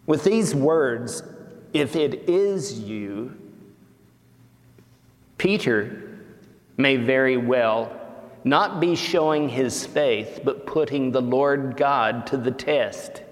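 A pastor preaching a sermon slowly and deliberately, rising for emphasis. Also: male voice, mid-range voice. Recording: long reverb of a church hall.

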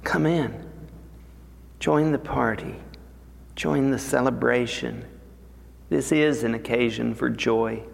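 Preacher voicing a gentle, imploring father. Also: lowish voice, steady tone, slow, creaky, voice pushed down. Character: loving elderly father pleading with his son. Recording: long reverb of a large hall.

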